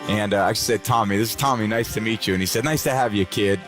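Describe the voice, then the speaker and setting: A man telling a lively childhood story and mimicking voices, played as a clip. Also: on the low side, fast. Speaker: interview subject in clip. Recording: clip with music behind.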